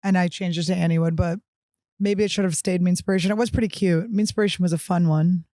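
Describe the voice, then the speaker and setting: A woman in her thirties hosting a comedy podcast, trading quick jokes and teasing her guest. The sound is dry and close, with no room behind it. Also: fairly low pitch, fairly even intonation, warm tone, no room sound. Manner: joking, teasing, quick banter. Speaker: podcast host. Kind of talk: casual comedic chat.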